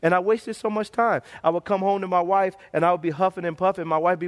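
A middle-aged man preaches a sermon in a high, lively voice. He tells stories animatedly and keeps calling the congregation for an amen. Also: fast, few pauses. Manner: animated storytelling preacher, calls for amens. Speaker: pastor.

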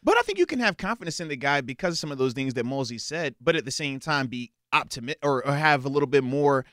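A man's voice: medium pitch, very animated, quick pace, a bit bright, no echo, clean studio sound. A man co-hosting a casual sports talk show, building his case with pointed questions. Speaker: sports podcast co-host.

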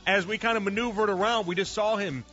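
A sports radio host talks in an easy, conversational way, restarting his sentences as he goes. His voice sits high and sounds bright. The audio is a little muffled, with faint music running underneath. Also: fairly even intonation, fast talker. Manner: conversational, repeats words when starting thoughts.

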